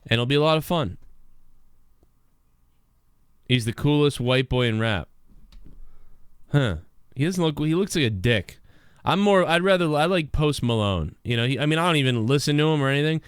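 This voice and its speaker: Loud-mouthed guy hosting a live stream, rambling and swearing, kinda high pitched, dry sound. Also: expressive, brisk, clear, resonant tone, no echo. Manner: brash, profane, rambling. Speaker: livestream show host. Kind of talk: ranting live commentary.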